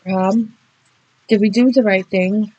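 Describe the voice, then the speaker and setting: A woman voicing a raspy, urgent young man pleading with a friend. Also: mid-range voice, fairly even intonation, takes it slowly, darkish tone, lo-fi sound.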